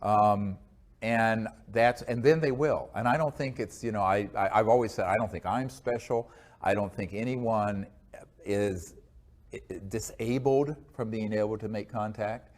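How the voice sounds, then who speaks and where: A man with a fairly low voice speaks earnestly to an audience. He takes his time and often pauses with fillers and restarts mid-sentence. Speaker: speaker answering audience questions. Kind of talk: lecture and Q&A talk.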